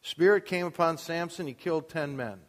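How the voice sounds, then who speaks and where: A man's voice: fairly high pitch, moderate pace. A man preaching a sermon in a church, pressing his point with rhetorical questions and rising emphasis. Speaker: pastor. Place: church with a sound booth. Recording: long hall reverb.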